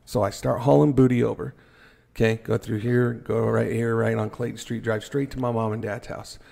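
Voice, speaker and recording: Gravelly, husky man telling a story. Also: medium pitch, normal speed. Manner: animated, acts out his own panicked thoughts, jokes at himself. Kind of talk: casual storytelling on a podcast.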